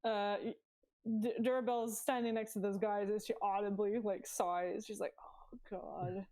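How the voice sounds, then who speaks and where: A woman's voice: medium pitch, steady tone, normal speed, mellow. A woman playing a tabletop game who reacts and talks casually. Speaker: player.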